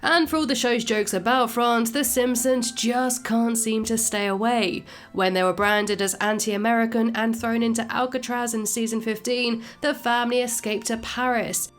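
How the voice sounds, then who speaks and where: A woman host narrating a scripted video in a clear, measured way. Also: a little high, fairly even intonation, soft background music. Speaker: channel host.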